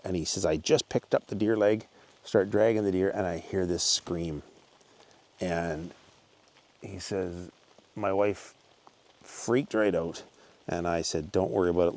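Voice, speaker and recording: A man's voice: low voice, a little mellow. A man hosting his own channel, casually retelling a story he was told, with lots of restarts and fillers. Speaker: channel host. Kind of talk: casual storytelling while hiking. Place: outdoors on a mountain hike.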